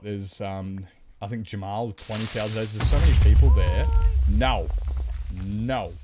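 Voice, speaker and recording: A man's voice: on the low side, darkish tone. A man chatting on a live game stream, rambling, greeting viewers and joking about himself.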